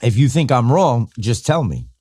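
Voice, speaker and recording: A man's voice: mid-range voice, sing-song, normal speed, darkish tone, husky. A man hosting a live podcast, chatting casually, rambling and swearing as he reacts to the chat. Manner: rambling, profane, reads chat aloud. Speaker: podcast host. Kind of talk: casual live-stream talk.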